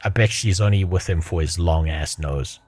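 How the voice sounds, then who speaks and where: Foul-mouthed guy streaming a game, jokes and swears, quiet music in back. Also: low voice, moderate pace, slightly rough. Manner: crude, joking, swearing in frustration. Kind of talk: casual gameplay commentary.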